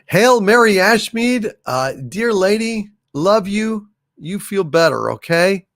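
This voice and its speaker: A livestream host reads viewers' messages aloud, hailing and thanking each by name in a drawn-out, unhurried manner. His voice is high-pitched, sing-song and a bit bright, recorded at studio quality with no room sound.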